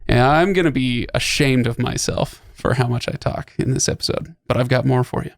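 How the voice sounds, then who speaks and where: A man's voice: medium pitch, a little fast, gravelly, no room sound, clean studio sound. A man hosting a podcast, explaining at length in a casual way with lots of fillers and restarts. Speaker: podcast host.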